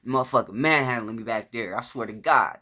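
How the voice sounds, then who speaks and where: A man's voice: mid-range voice, brisk. A man casually telling a story from his own life, profane and rambling, with a lot of restarts. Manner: profane, rambling, acts out shouts and quotes.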